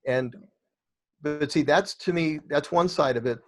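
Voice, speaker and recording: A middle-aged man, a guest in an interview, telling stories in an animated way and acting out the dialogue of people he met. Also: on the high side, a little slow. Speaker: guest, real estate investor. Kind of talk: storytelling interview answers.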